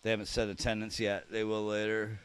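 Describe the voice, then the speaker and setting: A man's voice: on the low side, monotone, a little fast, clean tone. Chatty man streaming live. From Canada. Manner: chatty, friendly, joking with chat. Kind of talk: casual live-stream chat, reading viewer comments aloud.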